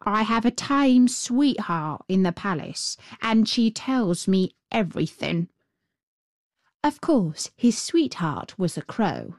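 A woman voicing a thoughtful, slow-spoken talking crow in a storybook reading, speaking in a deliberate way. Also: mid-range voice, big pitch swings, darkish tone, no room sound, clean studio sound. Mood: storytelling.

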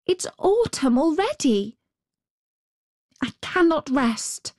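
A woman voicing an eager, anxious little girl in a storybook reading, with high, breathless exclamations. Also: very animated, slow pace, a little mellow, no echo, studio quality, heavily acted.

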